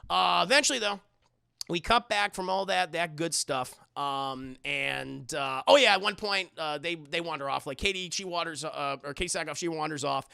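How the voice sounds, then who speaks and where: A man recapping a movie to his chat in a rambling, crude, animated way. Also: fairly high pitch, normal speed, vocal fry, clean tone, no room sound, clean studio sound. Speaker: streamer.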